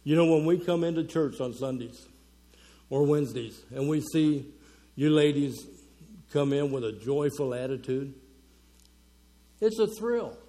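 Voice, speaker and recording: A mellow, medium-pitched male voice at a normal speed carries this conversational sermon. The man addresses a women's conference in a down-home style, using fillers and chuckling a little.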